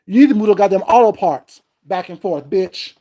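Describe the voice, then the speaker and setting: A man's voice: sits high, moderate pace, warm tone. Male vlogger, angry confrontational rant, heavy swearing, recorded at home. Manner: heated, profane, confrontational. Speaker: vlogger host. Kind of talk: ranting vlog commentary.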